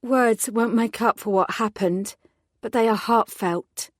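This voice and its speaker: A woman's voice: a little high, measured pace, no echo, clean studio sound, voice pushed up, lightly acted. A woman voicing a young female detective, firm and earnest, in an audiobook.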